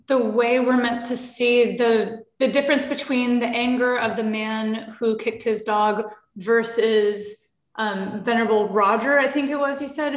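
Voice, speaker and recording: A woman asking a tentative question on an online call, pausing with fillers. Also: a little high, reverberant.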